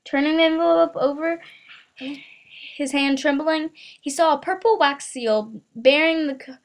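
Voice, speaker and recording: Woman reading a novel aloud haltingly. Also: high voice, rough recording. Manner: halting, frequent stumbles and restarts. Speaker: reader.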